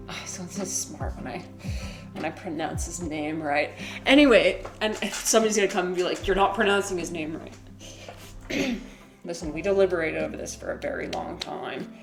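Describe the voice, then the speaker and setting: A woman's voice: deep voice, expressive, normal speed, vocal fry. A woman streamer chatting casually on a livestream and reading chat aloud, rambling and giggling, with music playing behind her.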